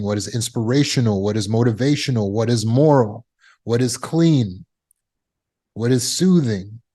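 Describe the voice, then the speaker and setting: A man's voice: medium pitch, warm tone. A man teaching trauma recovery as a coach, speaking emphatically and repeating phrases for effect. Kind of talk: motivational teaching talk.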